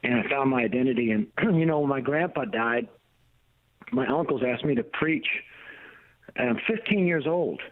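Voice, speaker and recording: A middle-aged American man speaks as a guest over a tinny phone line, with the dry, close sound of a call. He tells his story bluntly and emphatically, with the rolling cadence of a preacher. His voice sits at an ordinary pitch. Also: no room sound. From United States. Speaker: guest, ministry leader and author. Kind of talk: personal testimony on a radio talk show. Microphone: phone call into the studio.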